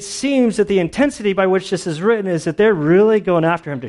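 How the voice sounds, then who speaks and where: A man's voice: sits high, fast, hardly any pauses, darkish tone. A man preaching a sermon in a casual, conversational way, telling stories with lots of fillers and restarts. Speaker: pastor.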